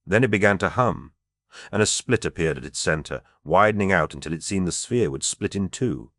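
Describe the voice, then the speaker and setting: A man narrating a fantasy audiobook in a measured, even reading style. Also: sits low, no room sound, clean studio sound. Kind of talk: scripted narration.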